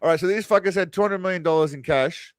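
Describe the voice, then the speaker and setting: A man's voice: high-pitched, fast talker, background noise. A man hosting a crude, mocking movie commentary, tossing out quiz-style asides. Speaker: host. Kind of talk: sarcastic movie riffing commentary.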